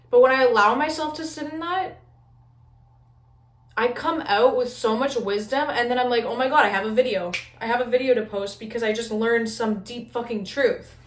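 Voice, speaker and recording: A young woman giving a casual pick-a-card tarot reading, talking fast and loose with lots of "like" and casual swearing. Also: on the high side. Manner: chatty, frequent "like", swears casually. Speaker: tarot reader. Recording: echoey room.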